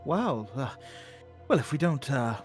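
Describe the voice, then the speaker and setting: Man player, slow and drawling, lively pitch, lots of uhs. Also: faint music behind. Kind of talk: casual tabletop play.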